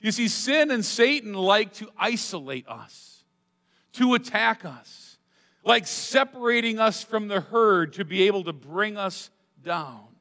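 A male pastor preaching a sermon, dramatic, swinging between loud emphatic lines and hushed asides. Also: high-pitched, expressive, measured pace. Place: church sanctuary. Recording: long hall reverb.

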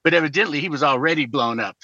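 A middle-aged man chatting as a podcast guest, an animated storyteller who jokes and laughs easily. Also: on the high side, rapid-fire, no room sound, muffled recording. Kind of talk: casual conversation.

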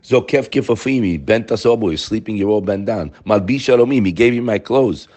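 A man's voice: lowish voice, a little fast, a little mellow. A man teaching a daily Torah class, firing rhetorical questions and mixing Hebrew terms into his English.

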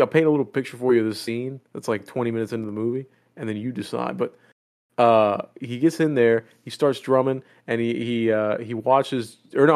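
A man co-hosting a casual podcast, retelling a film scene in a profane, excitable way. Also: medium pitch. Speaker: podcast co-host.

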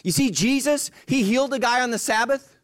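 A middle-aged man preaching a sermon as pastor. He talks passionately, jumping from loud bursts to hushed, slow emphasis. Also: very high voice, no echo, clean studio sound.

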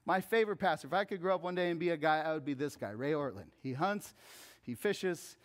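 A man preaching a sermon as pastor, swinging from hushed, intimate lines to loud, emphatic calls. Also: fairly high pitch, animated, a little fast.

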